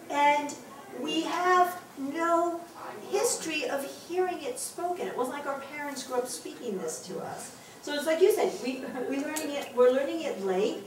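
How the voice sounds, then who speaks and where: High, animated woman teacher, encouraging, recorded from afar in an echoey classroom with students around. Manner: encouraging, explanatory, chatty. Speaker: Hebrew teacher. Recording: echoey room, mic far off, class around.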